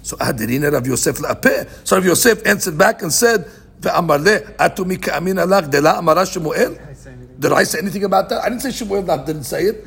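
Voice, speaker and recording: Brisk and gravelly, this high-pitched male teacher reads Aramaic from the daily Talmud page and unpacks it in English. He's animated, raising questions only to answer them himself, captured as a podcast of a live class.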